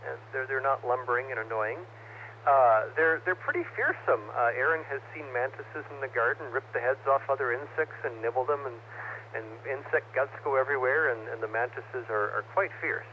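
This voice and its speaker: A man's voice: medium pitch, moderate pace, a little hiss or hum. A man giving wry, dry-humored commentary on a ham radio net. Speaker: net participant. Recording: dull ham radio transmission.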